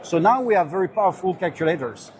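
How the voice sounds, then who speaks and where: A man representing a company, earnestly explaining his product in a slightly halting way on a trade show floor. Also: high voice, lively intonation, slight background noise. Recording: loud crowd chatter behind.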